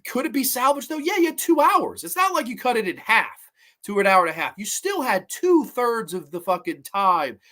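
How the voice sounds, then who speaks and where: A man's voice: very high voice, sing-song, normal speed, bright, forceful tone. A man hosting a horror movie review show, ranting in a profane, heated and sarcastic way. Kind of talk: solo movie review rant.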